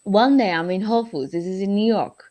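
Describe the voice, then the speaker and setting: A woman's voice: mid-range voice, brisk, darkish tone. A woman guest telling a personal story, with grammar slips of a non-native speaker.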